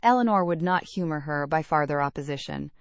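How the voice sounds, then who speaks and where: A woman narrating a classic novel aloud in a measured, even reading. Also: low-pitched, no echo. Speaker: audiobook narrator. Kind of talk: scripted narration.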